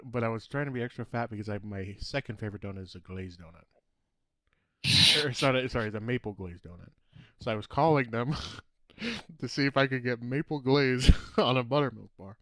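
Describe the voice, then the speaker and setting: A man's voice: lowish voice, no echo. A man co-hosting a casual podcast, telling a story with lots of restarts, trailing off and laughing. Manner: rambling storyteller, laughs often, trails off mid-sentence. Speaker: podcast co-host. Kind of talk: casual chat.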